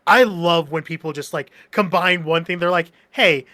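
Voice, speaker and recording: A man's voice: on the high side, moderate pace, sharp tone, no echo. A man guest on a podcast, talking enthusiastically in casual chat and laughing often. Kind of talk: casual chat on a live stream.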